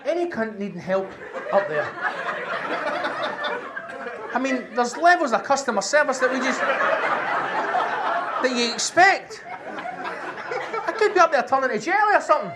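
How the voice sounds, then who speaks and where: This Scottish stand-up from Glasgow has a high male voice and speaks at a moderate pace with long pauses. His sweary, animated storytelling includes acted-out shouts, caught on a live stage mic with audience laughter and background noise at a comedy venue.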